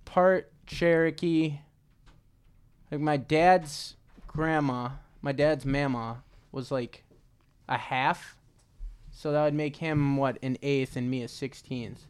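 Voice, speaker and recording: A man's voice: medium pitch, steady tone, measured pace, clean tone. A man in his twenties, a podcast guest talking loosely and profanely in a casual chat. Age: 20s. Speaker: guest recording artist.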